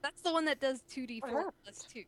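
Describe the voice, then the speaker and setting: A woman's voice: high-pitched, brisk, crowd noise. A woman playing in an online tabletop game, fretting over prices and laughing, her poor mic making her sound robotic. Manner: fretful about costs, laughing. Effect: robotic-sounding mic distortion. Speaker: player. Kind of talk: casual chat at a game table. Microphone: poor headset mic over voice chat.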